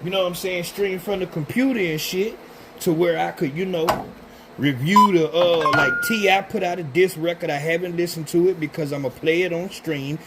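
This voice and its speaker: A man's voice: sits high, moderate pace. A middle-aged man hosting a casual livestream on his phone while walking around at work. He rambles and keeps asking if listeners understand what he's saying. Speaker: livestream host. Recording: loud vehicle noise behind.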